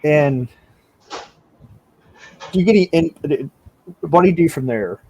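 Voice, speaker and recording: A man's voice: a little high, animated, a little slow, gravelly, mellow, slight background noise, rough recording. A man narrating as game master of a tabletop game, often stumbling over repeated words.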